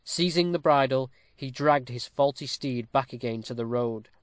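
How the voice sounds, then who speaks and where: A man reading a classic novel aloud with a steady, formal storytelling cadence, close to the mic. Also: mid-range voice, normal speed, no echo. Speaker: audiobook narrator. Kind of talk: scripted narration of a classic novel.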